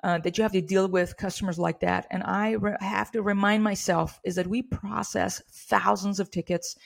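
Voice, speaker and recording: A woman's voice: medium pitch, fairly even intonation, moderate pace, creaky. A middle-aged woman and business owner coaching her staff on handling angry customers, earnest and encouraging, now and then acting out polite service phrases. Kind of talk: workplace training talk.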